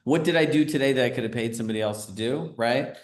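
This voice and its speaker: A man coaching a group live on a video call, talking in a casual, energetic way and often checking in with "right?". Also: mid-range voice, fast talker, roomy sound. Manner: energetic, conversational, filler-heavy with frequent "right?". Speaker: real estate business coach.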